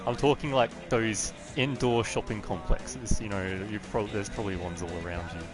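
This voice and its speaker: Low-voiced Australian man ranting casually. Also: fairly even intonation, moderate pace, music in the background. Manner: chatty, rambling, ranting. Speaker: gaming livestreamer. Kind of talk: casual gameplay commentary.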